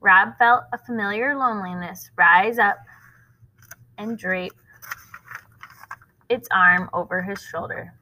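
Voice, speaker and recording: A woman reading a novel aloud at a school, expressive and pausing to explain the story to listeners. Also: mid-range voice, a little hiss or hum, rough recording.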